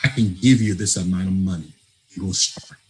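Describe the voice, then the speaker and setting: A man from Africa, a guest on an interview, telling a personal story in a lively way, acting out voices and laughing often. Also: deep voice, normal speed, a little hiss or hum, low-quality recording. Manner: animated storyteller, laughs often, acts out dialogue. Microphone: remote call.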